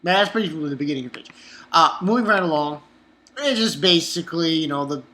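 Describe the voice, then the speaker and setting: A man reviewing a manga chapter in an excitable, profane, rambling way. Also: a little high, brisk. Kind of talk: casual online review.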